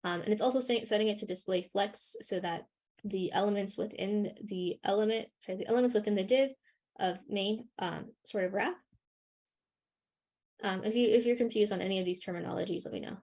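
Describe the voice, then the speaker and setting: A young woman leading a live coding workshop, talking through her screen with many ums and pauses, her voice a little worn. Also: mid-range voice, a little mellow. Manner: hesitant, many ums and sort ofs. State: losing her voice a bit. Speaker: workshop instructor.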